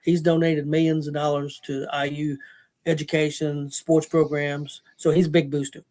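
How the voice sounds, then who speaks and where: Middle-aged guy hosting sports talk, slightly high voice, stumbles and restarts a lot, emphatic. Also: flat delivery, moderate pace, darkish tone. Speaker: sports talk show host. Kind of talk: casual sports chat.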